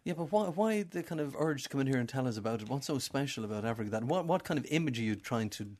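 A man's voice: medium pitch, expressive, fast talker, darkish tone. A man hosting a radio show, jokey and teasing with his guest. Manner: jokey, teasing, laughs easily. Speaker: radio host. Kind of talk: casual radio interview.

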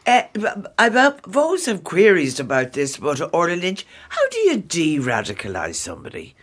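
A man's voice: a little high, huge pitch swings, fairly quick, fairly bright tone. A man hosting a radio panel discussion, conversational, with stumbling restarts. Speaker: radio host.

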